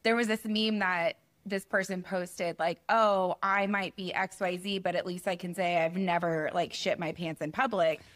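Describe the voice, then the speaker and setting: A woman's voice: on the low side, fairly even intonation, moderate pace, few pauses, fairly bright tone, dry recording. A young woman co-hosting a podcast, chatting emphatically and laughing a lot. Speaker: podcast co-host. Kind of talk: casual chat.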